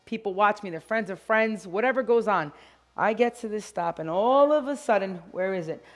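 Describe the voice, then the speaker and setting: A woman giving an animated live demo talk to groomers, telling stories and acting out quotes. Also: medium pitch, normal speed. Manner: animated, storytelling, acts out quotes. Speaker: grooming educator. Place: event hall with live audience.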